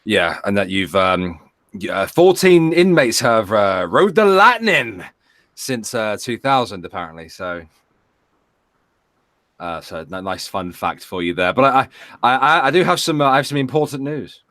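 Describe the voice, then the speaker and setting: A man's voice: lowish voice, very animated, measured pace, a bit bright, dry recording. A man co-hosting a casual talk show, sharing news in a hesitant way with many fillers and dry humor. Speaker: co-host. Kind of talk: casual podcast chat.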